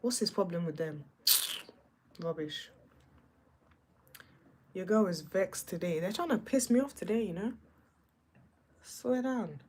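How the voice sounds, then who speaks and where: A woman's voice: lowish voice, a little slow, long pauses, a little hiss or hum. A young woman hosting a livestream, ranting sassily about a reality show. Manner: animated, sassy, ranting. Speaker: livestream host. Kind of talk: reality show reaction rant.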